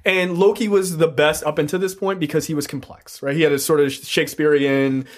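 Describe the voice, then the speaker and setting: Joking man with a higher voice. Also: steady tone. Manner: joking, profane, quick agreement. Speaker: podcast co-host. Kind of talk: casual chat.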